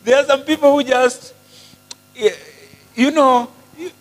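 A man preaching a sermon, mixing English and Swahili, animated and often asking the congregation questions. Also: extremely high pitch, slow pace. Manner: switches between English and Swahili, animated, asks the crowd questions. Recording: hall with long reverb and mains hum.

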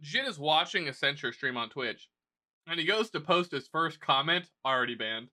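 A young man co-hosting a podcast, telling animated stories in a casual, profane way. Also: fairly high pitch, normal speed. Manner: animated storytelling, lots of swearing. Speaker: podcast co-host. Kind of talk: casual chat.

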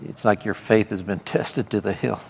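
A man's voice: lowish voice, steady tone, normal speed, creaky, slightly rough. A man preaching and giving prophetic words to people in a meeting, in a casual, conversational way with laughing asides and repeated praise. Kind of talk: informal charismatic ministry. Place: church meeting hall. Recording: long hall reverb, faint background ambience.

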